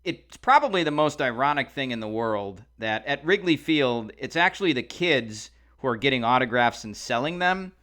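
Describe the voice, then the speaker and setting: A man's voice: medium pitch, lively intonation, moderate pace, hardly any pauses, a bit bright. A man co-hosting a podcast, telling a rambling casual story with lots of fillers. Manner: rambling, many fillers and restarts. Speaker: podcast co-host.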